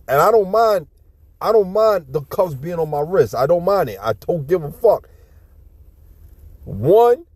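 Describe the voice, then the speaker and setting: A man's voice: a little high, a little mellow, no echo. A man giving casual ranting commentary on a video clip, blunt, profane and preachy, often restarting his sentences.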